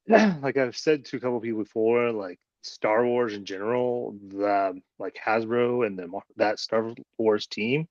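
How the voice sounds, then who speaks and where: A man's voice: lowish voice, a little slow, darkish tone, no room sound. A man hosting a casual chat, rambling and swearing freely. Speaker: host. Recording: dull lo-fi audio.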